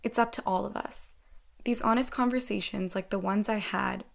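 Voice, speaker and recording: A woman's voice: mid-range voice, fairly even intonation, moderate pace, gravelly. A woman hosting and narrating a documentary in an earnest, reflective way.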